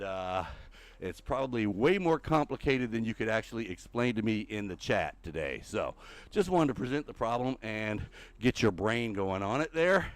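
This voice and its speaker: An older man hosting a casual game livestream while walking on a treadmill, out of breath, rambling and thinking aloud to his viewers. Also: mid-range voice. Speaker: Minecraft livestream host. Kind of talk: casual gameplay livestream chat.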